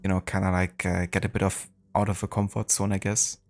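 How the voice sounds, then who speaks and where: Low-voiced streamer, rambling. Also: male voice, flat delivery, a little fast, soft background music. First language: German. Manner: rambling, full of fillers. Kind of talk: casual live-stream chat.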